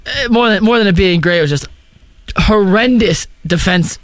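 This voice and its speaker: A man's voice: high voice, moderate pace, no echo. A young man co-hosting a casual sports talk show, opinionated and skeptical, giving blunt takes. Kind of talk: casual sports radio chat.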